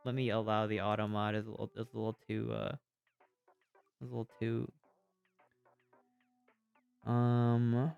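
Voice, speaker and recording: A streamer making quiet, offhand remarks while playing a game. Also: level tone, unhurried, gravelly, long pauses, faint music behind. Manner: low-key, quiet, offhand. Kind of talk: casual game commentary.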